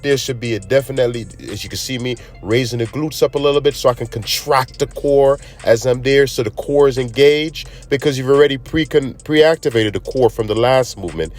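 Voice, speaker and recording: A man's voice: mid-range voice, a little fast, hardly any pauses, darkish tone, faint music behind. A man giving a laid-back workout lesson, congested from allergies and often tagging lines with "man" and "all right?". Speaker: fitness trainer. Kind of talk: casual workout instruction.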